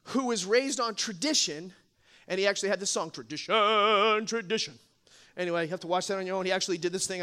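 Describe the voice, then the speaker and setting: Man, pastor, sermon, very high voice, bright tone, animated storytelling. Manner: animated storytelling, acts out quotes, playful asides.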